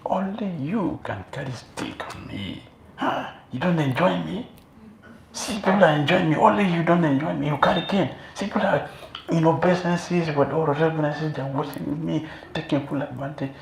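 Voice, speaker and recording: A man's voice: fairly high pitch, very fast, vocal fry, hardly any pauses, echoey room, a little hiss or hum, pitched above the performer's own voice. A man voicing a young boy god who cries and sulks to his mother, complaining and pleading. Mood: whining. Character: child god crying and sulking to his mother.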